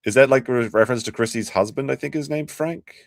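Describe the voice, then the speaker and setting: A man's voice: medium pitch, fast, dry recording, studio quality. A man hosting a casual commentary stream, ranting and swearing freely. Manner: profane, ranting. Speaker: stream host.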